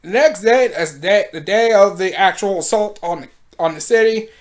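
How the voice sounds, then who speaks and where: A woman recaps anime episodes in a casual, slangy way and tells the story with animated energy. Her voice sits at a middle pitch, and her delivery is loose and conversational. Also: moderate pace. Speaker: anime reviewer.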